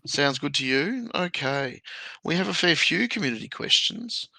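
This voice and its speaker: A man hosts a relaxed podcast chat, his voice gravelly with a bright edge. He talks freely and laughs often, close to a dry mic. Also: a little high, moderate pace, no echo. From Australia. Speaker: podcast host.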